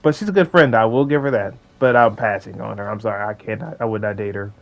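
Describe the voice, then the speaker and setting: A man giving a casual commentary rant, animated and mocking, laughing at his own jokes and slowing right down to stress his words. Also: fairly low pitch, vocal fry, highs cut off. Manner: animated, mocking, swings between fast rants and slow drawn-out emphasis; joking, blunt, laughs at his own lines. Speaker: video creator.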